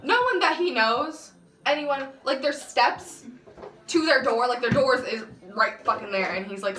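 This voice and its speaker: A woman's voice: medium pitch, pushed and bright, slight background noise. A young woman telling a dramatic storytime on her vlog, swearing often and laughing as she goes. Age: young adult. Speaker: vlogger. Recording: roomy echo.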